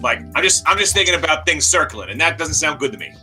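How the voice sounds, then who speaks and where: A man playing a tabletop roleplaying game who talks in fast, chatty, excitable rambles, often in character. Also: fairly high pitch, soft background music. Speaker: player.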